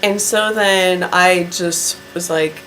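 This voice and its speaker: A woman vlogger telling a story to camera in a chatty, drawn-out way, with many "like" fillers. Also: on the low side, fairly even intonation, fairly bright tone, slight background noise, poor audio.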